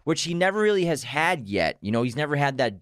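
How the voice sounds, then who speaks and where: A man co-hosting a movie channel, talking fast and eagerly in a casual discussion about a film. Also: on the high side, no room sound, studio quality. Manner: fast, eager, animated opinions.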